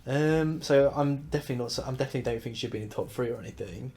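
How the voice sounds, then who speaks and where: A man hosting a casual chat, talking in a relaxed, giggly way with lots of fillers. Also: mid-range voice, racing. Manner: chatty, giggly, with many fillers. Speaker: host.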